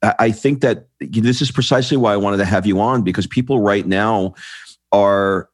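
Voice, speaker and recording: Man from the US, deep voice, dry close sound, lively storytelling host. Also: normal speed, no echo. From United States. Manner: animated storyteller, rising excitedly. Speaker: podcast host. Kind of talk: casual interview chat.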